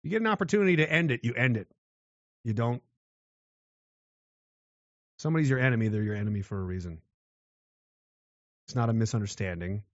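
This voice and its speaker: A man's voice: mid-range voice, fairly quick, long pauses, no room sound, lo-fi sound. A man delivering a blunt, aggressive monologue rant, mocking those who show mercy.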